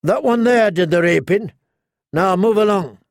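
A man's voice: sits high, normal speed, dry recording, studio quality, pitched above the performer's own voice. A man voicing a hostile middle-aged townsman in an audiobook, curt and snapping orders.

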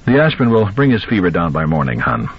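A man's voice: low voice, sing-song, fast, husky, dull audio, heavily acted. A man voicing a tired, short-tempered father who is a doctor, in a clipped way. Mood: tense. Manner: clipped, curt.

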